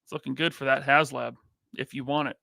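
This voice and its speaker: The speaker is an American man hosting a live podcast, greeting chat members by name with quick, casual, upbeat lines. His medium-pitched voice holds a steady tone that is creaky, pushed and bright, in a dry studio-quality recording.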